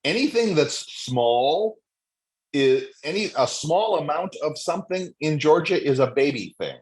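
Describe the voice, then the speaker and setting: A man's voice: on the high side, sing-song, a little slow. A middle-aged man co-hosting a podcast, chatting casually and repeating words like "interesting.". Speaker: podcast co-host. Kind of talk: casual chat.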